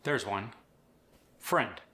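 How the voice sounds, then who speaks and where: Male accent coach hosting a tutorial, bright and forceful tone, clear and explanatory delivery. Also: on the low side, animated, drawn-out words. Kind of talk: instructional tutorial.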